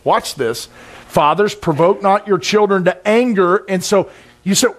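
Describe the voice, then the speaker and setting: A middle-aged man preaching a sermon in a conversational, intense way, with sudden loud bursts. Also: sits high, normal speed. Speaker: pastor.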